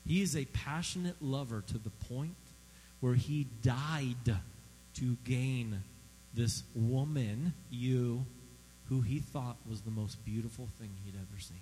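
A man preaching a sermon, emphatic and animated, asking his audience questions. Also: mid-range voice, slow, long reverb tail, a little hiss or hum, poor audio. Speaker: pastor.

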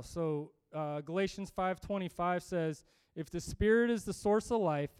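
Male preacher, high and clear voice, emphatic and lively sermon delivery, dry sound. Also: dry recording. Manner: energetic, emphatic, with restarts and humor.

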